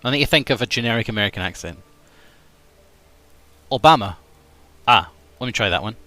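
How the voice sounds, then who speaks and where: Lively, self-mocking male streamer on a dry, close mic. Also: mid-range voice, brisk, dry recording. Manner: playful, self-critical, trying out voices. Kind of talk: casual gaming livestream chat.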